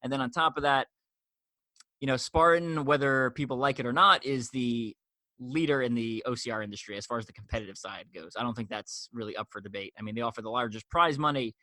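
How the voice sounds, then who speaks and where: A man hosts a podcast in a relaxed, chatty manner, dropping fillers as he goes. His voice is bright and forward. The sound is dry and close, with no room around it. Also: mid-range voice, brisk, no room sound. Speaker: podcast host. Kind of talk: conversational podcast hosting.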